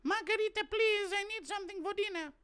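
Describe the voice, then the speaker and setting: A man putting on a high strained falsetto to play a whiny young son who begs his mother for help and dinner. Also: brisk, sharp tone. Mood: pleading.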